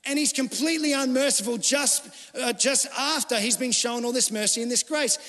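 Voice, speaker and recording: A man's voice: very high-pitched, moderate pace, sharp tone. A middle-aged man, a pastor preaching a sermon in a conversational, storytelling way, acting out the people he quotes. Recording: long hall reverb.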